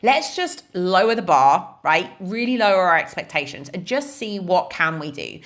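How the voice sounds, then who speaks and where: A woman fitness coach in her thirties talks casually to her listeners, with a slightly low voice. She explains things step by step and keeps checking in with "right?" and "like". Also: very animated, moderate pace, fairly bright tone. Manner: chatty, frequent "like" and "right?" fillers.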